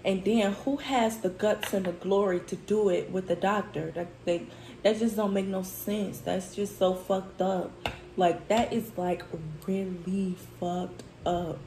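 A woman's voice: medium pitch, steady tone, unhurried, mellow, reverberant, a little hiss or hum. A woman speaking who vents about work in a heated, profane storytime chat, tearful at times. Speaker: food vlogger.

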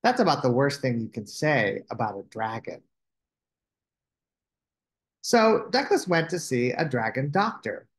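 Male storybook reader, unhurried, sing-song, for kids' read-alouds. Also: mid-range voice. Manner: slow, expressive storytelling. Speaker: children's book reader.

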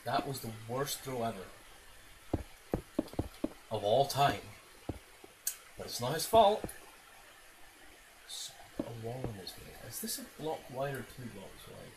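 A man's voice: mid-range voice, very animated, measured pace, long pauses. A man giving rambling, self-mocking gameplay commentary, swearing often and making silly noises. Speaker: game commentator. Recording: loud background noise.

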